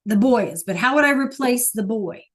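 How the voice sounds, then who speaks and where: A woman's voice: fairly high pitch, lively intonation, normal speed. A woman teaching an online Spanish class, patient and coaxing, asking students question after question over a computer mic.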